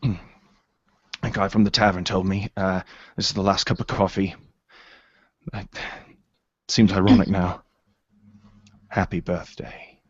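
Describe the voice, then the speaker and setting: A man's voice: low voice, level tone, breathy edge, no room sound, exaggerated voice. A man doing a nervous elf archaeologist. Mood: awkward. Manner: halting, hesitant. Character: nervous male elf archaeologist, awkward and kind. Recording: dull lo-fi online call.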